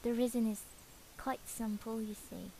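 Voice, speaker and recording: Slow, hesitant Vietnamese woman. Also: on the high side, fairly even intonation, slight background noise, poor audio. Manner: hesitant, many pauses and soft breathy asides. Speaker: accent tutor. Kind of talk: casual video tutorial.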